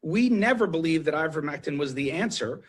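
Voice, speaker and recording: A man's voice: on the high side, animated, a little fast, slight background noise. A man speaking as an intensive care doctor in a TV interview, urgent and emotional, repeating himself with many restarts. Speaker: ICU doctor guest.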